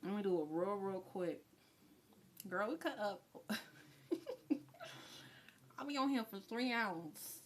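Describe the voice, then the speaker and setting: A woman doing a live tarot reading, talking in a chatty, effusive way and sometimes dropping to a soft whisper. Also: mid-range voice, lively intonation, slow, pauses often, a little hiss or hum. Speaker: tarot reader.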